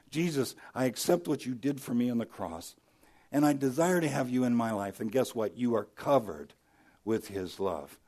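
A male pastor preaching a sermon, telling stories with lively emphasis and dropping to quiet, hushed lines for key points. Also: mid-range voice. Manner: storytelling, dynamic, swings from loud emphasis to soft hushed lines.

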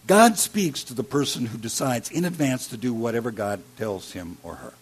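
A man preaching a sermon as a pastor, telling a personal story and swinging between loud emphasis and hushed, quiet lines. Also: medium pitch, expressive, moderate pace, husky. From Iowa.

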